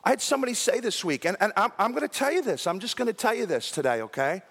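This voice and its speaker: High-voiced preacher in an echoey church. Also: male voice, sing-song, fast talker, fairly bright tone, husky. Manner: repeats words and asks the congregation questions. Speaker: pastor. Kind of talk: sermon. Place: church sanctuary.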